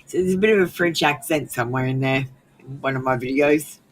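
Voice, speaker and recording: A woman's voice: rumbling low, brisk, a little hiss or hum. An Australian woman hosting a live stream, chatting casually and rambling with frequent ums and laughs.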